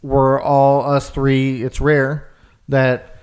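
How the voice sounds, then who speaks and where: A man's voice: mid-range voice, monotone, extremely slow, darkish tone, smooth. Young male podcast co-host, rambling casual storyteller, mid-range voice, loose and chatty. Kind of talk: casual chat.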